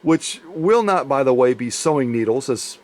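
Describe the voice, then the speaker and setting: A man's voice: mid-range voice, expressive, moderate pace. A man hosting a sewing machine restoration channel, chatting casually in his workshop with playful, rambling, jokey asides. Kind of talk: casual unboxing chat to camera. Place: home workshop.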